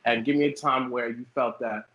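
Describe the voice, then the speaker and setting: A man hosting a podcast interview, asking questions in an animated, emphatic way. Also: mid-range voice, brisk. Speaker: podcast host. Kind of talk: casual interview. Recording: echoey room.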